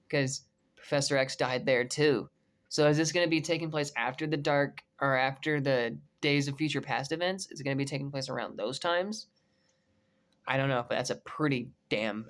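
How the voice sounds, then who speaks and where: Animated, excitable young man vlogger. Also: a little high. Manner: excitable, swears freely, bursts into shouting. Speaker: movie news vlogger. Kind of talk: casual reaction commentary.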